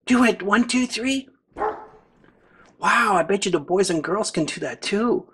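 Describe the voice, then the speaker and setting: A woman reading a picture book aloud to young children, gasping with excitement and talking straight to her listeners. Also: mid-range voice, unhurried, background noise. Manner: excited gasps, talks directly to the children. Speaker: children's storyteller.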